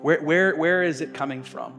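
A man preaching a sermon as pastor, telling stories with animation and swinging between loud, emphatic lines and hushed ones. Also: on the high side, normal speed, long reverb tail, faint music behind. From United States. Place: church sanctuary.

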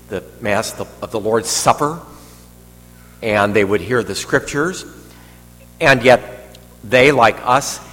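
A priest with a fairly low voice delivers a homily in a relaxed, rambling, conversational way, slipping in dry jokes. His words echo with long hall reverb, and a faint hum runs underneath. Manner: conversational, digressive, joking asides. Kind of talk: sermon. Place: church hall.

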